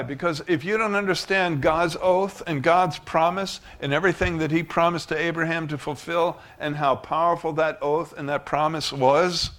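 A man preaching a sermon as pastor, emphatic, swinging from loud rises to soft asides. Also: on the high side.

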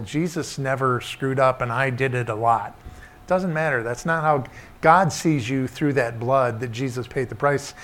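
A man's voice: medium pitch, a bit bright. A middle-aged man preaching a sermon, telling a childhood story and repeating short emphatic refrains.

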